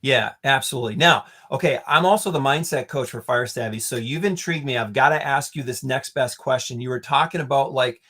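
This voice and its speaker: A man's voice: mid-range voice, fairly quick, hardly any pauses, sharp tone. A man interviewing a guest as a mindset coach, upbeat and encouraging, asking long, winding questions. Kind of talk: casual interview chat.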